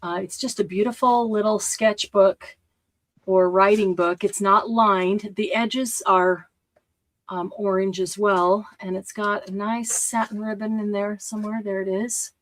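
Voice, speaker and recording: A woman's voice: medium pitch, steady tone, measured pace, low-quality recording. Chatty woman hosting a live sale. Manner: chatty, shows items and counts stock aloud. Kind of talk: casual live-stream sales chat.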